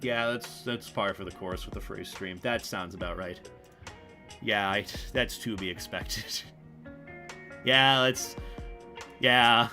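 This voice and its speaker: A man's voice: low voice, steady tone, measured pace. A young man chatting casually on a livestream, rambling and self-deprecating, with some swearing. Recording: music playing behind the voice.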